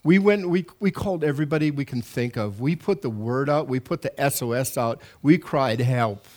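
A middle-aged man preaching a sermon as pastor, animated and emphatic, with repetitions and restarts. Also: mid-range voice, fairly quick.

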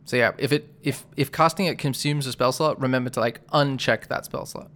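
A man's voice: medium pitch, fairly even intonation, a little fast, a bit bright. A man narrating and running a tabletop role-playing game, talking casually and thinking aloud. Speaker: game master.

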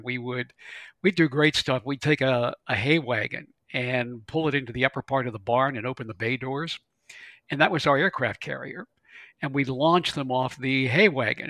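A middle-aged man, a glider pilot, telling stories in a folksy, animated way during an interview. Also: medium pitch, vocal fry, no room sound. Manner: folksy, animated storyteller with laughs and stammers. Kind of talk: conversational interview storytelling.

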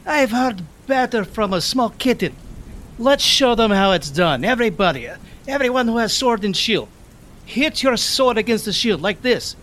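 A man's voice: mid-range voice, takes it slowly, long pauses, pushed and bright, a little hiss or hum. A man doing a warrior for a tabletop game. The voice moves between bold rallying and earnest hesitation, with light rain sounds in the background. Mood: rousing, mocking. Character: male Italian-tinged warrior rallying troops.

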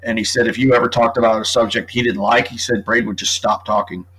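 A man's voice: mid-range voice, level tone, fast talker, a bit bright, breathy edge, poor audio. A middle-aged man, an author appearing as a guest, talking casually and laying out his argument point by point. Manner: talkative, builds his case point by point. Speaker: author and true crime guest. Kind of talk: casual podcast conversation.

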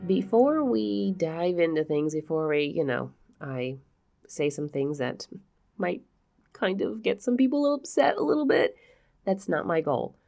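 Podcast host, woman, low voice, nasal and congested from a cold, chatty and frank. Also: very animated, measured pace, vocal fry, darkish tone, soft background music. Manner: chatty, laughs often, frank. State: stuffy nose. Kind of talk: casual chat.

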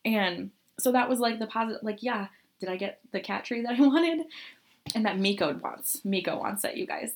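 A woman's voice: medium pitch, normal speed. A young woman co-hosting a casual chat, telling a long story with lots of laughs and acted-out quotes. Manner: chatty storyteller, laughs often, acts out quotes. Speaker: podcast co-host.

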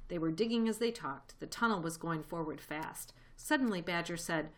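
A woman reading a children's novel aloud in a steady, expressive storytelling voice. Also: lowish voice, moderate pace, few pauses. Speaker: reader.

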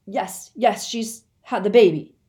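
A woman voicing a gentle, worn-out middle-aged wizard man in a storybook reading, earnest and exclaiming. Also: mid-range voice, expressive, measured pace, pitched above the performer's own voice, lightly acted. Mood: overjoyed.

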